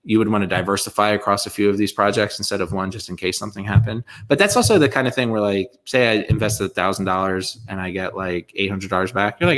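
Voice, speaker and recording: A man's voice: lowish voice, fast talker, hardly any pauses, a bit bright. A man co-hosting a podcast, chatting casually and rambling with lots of fillers and laughs. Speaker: podcast co-host. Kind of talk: casual chat.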